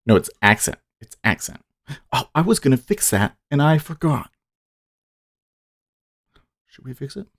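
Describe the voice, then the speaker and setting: A man's voice: medium pitch, sing-song, unhurried, gravelly, pauses often, no room sound, clean studio sound. A man hosting a live day-trading stream, chatting casually and rambling as he reads viewer comments aloud. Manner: rambling, self-deprecating, reads chat aloud. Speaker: day trading livestream host.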